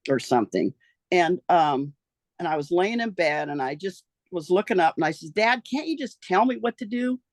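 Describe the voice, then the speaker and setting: An older woman from the rural American West, her voice gravelly and rough at the edges. She rambles through her memories in a folksy way, trailing off and restarting her sentences. The recording is close and dry, with no room sound. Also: low-pitched, darkish tone, dry recording. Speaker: interviewee recounting her life. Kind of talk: casual storytelling.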